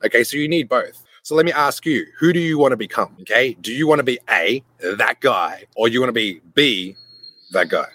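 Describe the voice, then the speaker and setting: A young man talks straight at the listener in a loose, swearing podcast monologue. He is animated and keeps slipping into voices for the people in his story. The sound is close and dry, with almost no room at all. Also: mid-range voice, a little fast, no room sound. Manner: animated, swears freely, acts out voices in anecdotes. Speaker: podcast host.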